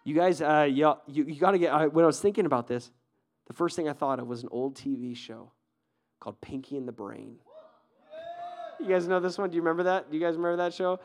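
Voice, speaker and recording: A man preaching a sermon as pastor, energetic and conversational, often asking the crowd questions and restarting his sentences. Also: a little high, quick pace. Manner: fillers and repeated restarts.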